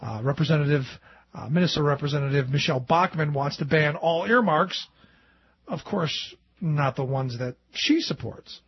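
High-pitched husky sarcastic talk host. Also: male voice, normal speed, no room sound. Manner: animated and sarcastic, mimicking opponents in quotes. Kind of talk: political commentary talk show. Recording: dull lo-fi dry studio sound.

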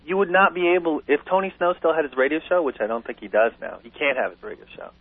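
Animated male caller on a phone line. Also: fairly high pitch. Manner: animated, opinionated, quick asides and restarts. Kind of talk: call-in radio talk. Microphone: telephone. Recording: tinny phone line on radio.

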